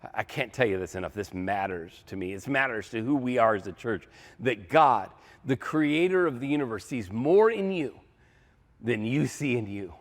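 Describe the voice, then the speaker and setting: A man's voice: mid-range voice, expressive, moderate pace. A male pastor preaching a sermon in a conversational, emphatic style, repeating key phrases for effect.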